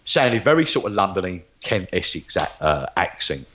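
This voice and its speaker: A man's voice: low-pitched, big pitch swings, moderate pace, a bit bright, dull audio, slight background noise. A man, a guest psychic medium, telling stories animatedly and acting out the voices of the people he quotes. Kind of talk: storytelling interview chat.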